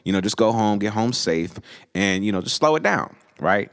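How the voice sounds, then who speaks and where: A man acting out a relaxed police officer letting a driver off with a warning. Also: fairly low pitch, moderate pace. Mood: laid-back. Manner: relaxed, friendly, laid-back. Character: easygoing male police officer giving a warning.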